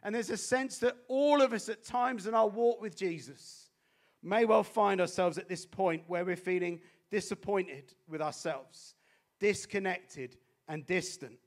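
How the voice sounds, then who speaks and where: A man with a high, light voice preaches to a congregation. He is animated, rising to near-shouts when excited and dropping to hushed intensity for the serious points. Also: unhurried. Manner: animated, swings from loud exclamations to hushed intensity. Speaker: guest preacher. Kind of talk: sermon.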